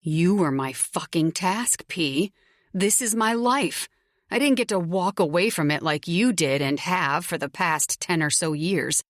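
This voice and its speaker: A woman voicing a menacing, possessive young man who speaks in a low, slow, threatening way. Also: animated, dry recording, studio quality. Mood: cold.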